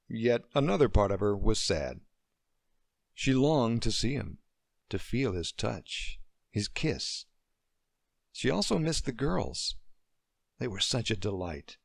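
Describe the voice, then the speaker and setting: A man narrating a romance novel as an audiobook, reading slowly and expressively. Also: on the low side, vocal fry, dry recording, studio quality. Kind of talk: scripted narration.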